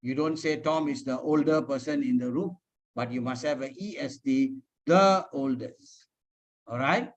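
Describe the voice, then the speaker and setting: A man's voice: mid-range voice, moderate pace, highs cut off. A man with a Malaysian English accent teaching English grammar in an online class. He repeats his points and keeps checking in with "huh?" and "all right". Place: video call meeting.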